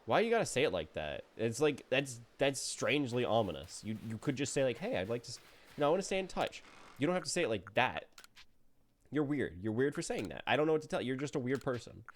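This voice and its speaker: A man's voice: medium pitch, very animated, brisk. A man streaming a video game and commenting casually, chatty and joking as he talks to the characters on screen.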